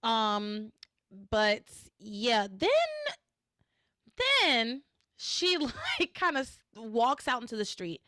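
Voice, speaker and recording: A woman hosting a podcast in casual recap chat, animated and acting out characters in shrill voices. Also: drawn-out words, no echo, studio quality. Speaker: podcast host.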